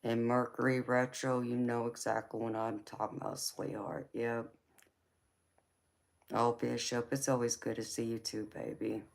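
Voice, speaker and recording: A woman from Georgia with a Southern accent, hosting a live tarot stream and chatting warmly with viewers, calling them honey and baby and laughing often. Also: extremely low pitch, level tone, vocal fry. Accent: Southern American. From Georgia, United States. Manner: slow, unhurried, laughs often.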